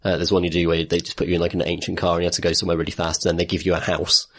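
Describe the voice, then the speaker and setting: A man's voice: low voice, little pitch movement, rapid-fire. A British man chatting casually on a podcast, rambling with frequent restarts and laughter. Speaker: podcast co-host. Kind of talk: casual chat.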